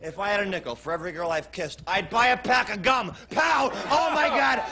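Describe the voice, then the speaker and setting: A man doing a rapid-fire club comic routine, brash and loud, punching each joke with a shouted catchphrase in cheesy old-school showman patter. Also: sits high. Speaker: stand-up comedian guest. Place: TV studio stage before a live audience.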